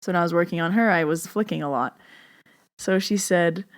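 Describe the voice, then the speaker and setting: A woman hosting a podcast, telling a personal story in a chatty, animated way with lots of fillers. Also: lowish voice, fairly quick. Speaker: podcast host. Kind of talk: casual storytelling.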